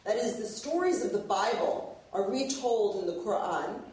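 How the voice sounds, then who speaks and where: A woman giving an academic lecture, animated and given to laughing. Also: medium pitch, moderate pace. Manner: animated, laughs while reading a favorite passage. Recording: echoey hall, mic at a distance.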